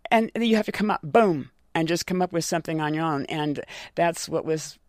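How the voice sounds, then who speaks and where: A woman talks in a relaxed interview, spinning lively anecdotes and laughing as she goes. Her voice is close and dry, with no room sound around it. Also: sits low, brisk, no room sound. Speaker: voice actor guest. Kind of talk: casual interview chat.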